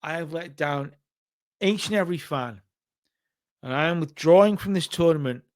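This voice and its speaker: A man's voice: on the high side, normal speed, no echo, studio quality, lightly acted. A man voicing a dejected wrestler quitting.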